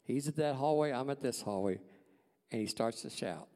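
A man, telling a personal testimony in church as a folksy, animated storyteller. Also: mid-range voice, moderate pace, long reverb tail. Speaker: church staff member giving a testimony.

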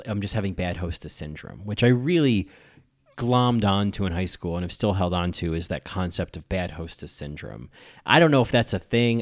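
Effusive man rambling about a film. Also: fairly low pitch. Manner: effusive, rambling, many restarts. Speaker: podcast host. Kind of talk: casual film commentary.

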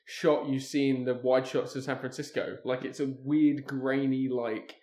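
A man's voice: medium pitch, flat delivery, moderate pace, mellow. Man, casual film critique, wry, exasperated, roomy echo.

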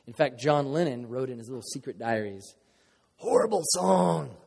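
A man's voice: medium pitch, brisk, darkish tone. A male pastor giving an informal, joking sermon with sudden emphatic bursts, speaking in a church. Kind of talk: conversational sermon. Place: church sanctuary. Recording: long reverb of a large hall.

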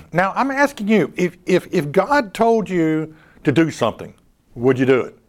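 A man's voice: a little high, big pitch swings, measured pace. A man preaching a sermon, asking rhetorical questions and often repeating his words as he builds a point.

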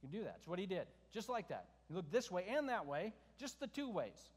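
High-voiced man preaching in a reverberant hall. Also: big pitch swings, a little fast, slightly rough. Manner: conversational, asks the congregation questions, shifts pitch for emphasis. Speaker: pastor. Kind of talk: expository sermon.

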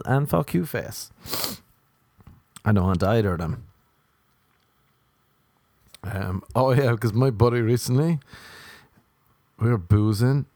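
An Irish man rambling through funny stories in a casual, animated way, swearing freely. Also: fairly low pitch, no echo. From Ireland. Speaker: comedian. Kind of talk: casual comic storytelling.

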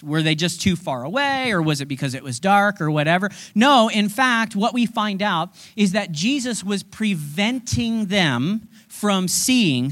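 A man preaching a casual sermon, retelling the stories with animated quoted dialogue. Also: high-pitched. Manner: animated storytelling, acting out quotes.

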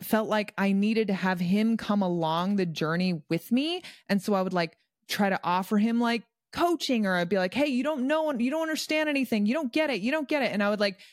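A woman's voice: medium pitch, dry recording. Chatty woman coach, dry close sound. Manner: chatty, laughs often, many fillers. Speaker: guest, personal development coach. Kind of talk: casual interview conversation.

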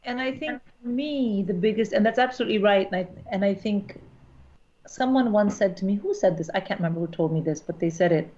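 A woman's voice: medium pitch, brisk, darkish tone. A middle-aged woman comedian telling a frank, wry story in casual conversation. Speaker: stand-up comedian, guest. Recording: dull lo-fi recording.

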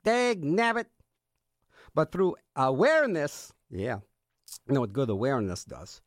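A man's voice: mid-range voice, huge pitch swings, normal speed, dry recording. A middle-aged man hosting a radio music show in a studio, talking in a rambling, jokey, sarcastic way. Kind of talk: casual rambling radio chat. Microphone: studio microphone.

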